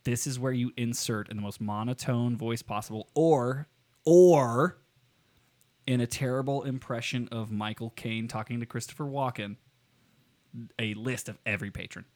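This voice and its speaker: A man's voice: medium pitch, steady tone, normal speed. A man hosting a podcast from a home studio, joking and swearing in casual chat. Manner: joking, swearing, rambling with restarts. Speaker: podcast host.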